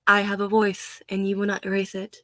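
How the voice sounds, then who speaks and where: Bright, sarcastic American woman ranting. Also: mid-range voice, completely flat delivery, fairly quick, no echo. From United States. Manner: profane, laughs often, blunt and sarcastic. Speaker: vlogger. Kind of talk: casual ranting vlog.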